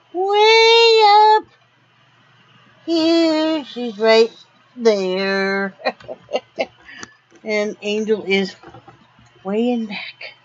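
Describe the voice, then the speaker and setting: Lady doing a casual rv vlog, slow and rambly, kinda muffled recording. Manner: talks to her dogs in a high playful scolding voice; relaxed rambling daily update with many ums. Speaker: vlogger.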